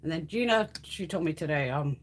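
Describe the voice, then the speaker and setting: A beauty livestream host does her makeup at home, chatty and salty, swearing freely and cooing in baby talk at her cats. Her low-pitched voice has lively intonation and a slightly fast pace, and the recording is very noisy.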